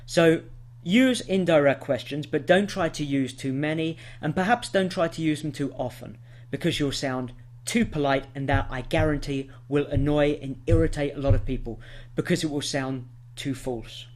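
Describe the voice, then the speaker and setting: A man with an English accent teaching an online English lesson, clearly explaining and modelling example sentences. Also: a little high, normal speed. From England.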